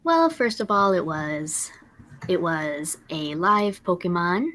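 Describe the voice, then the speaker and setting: A woman's voice: lowish voice, lively intonation, slow, fairly bright tone. A woman playing a dutiful young female courier in a tabletop game, polite and dry.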